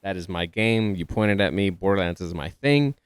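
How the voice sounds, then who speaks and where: A man's voice: sits low, lively intonation, normal speed, clean tone, dry recording. A man from Texas with a Texas accent, co-hosting a casual podcast and talking animatedly, often tripping over his words. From Dallas, Texas. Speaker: podcast co-host. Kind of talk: casual chat.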